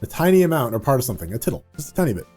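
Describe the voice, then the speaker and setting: A man's voice: medium pitch, sing-song, very fast, darkish tone, slightly rough, faint music behind. A man from Canada co-hosting a podcast, playful and silly in casual chat. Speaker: podcast co-host. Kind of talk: casual live podcast banter.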